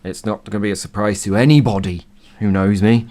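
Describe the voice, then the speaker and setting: Co-host, man, 30s, lowish pitch, hoarse from a cold, rambles with fan enthusiasm. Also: fairly even intonation, fairly quick, mellow. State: hoarse from illness. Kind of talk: casual chat.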